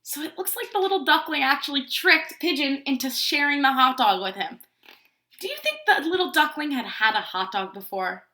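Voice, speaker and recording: A woman teaching preschool, reading a picture book aloud to young children in an animated way and asking them questions. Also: high-pitched, moderate pace. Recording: roomy echo.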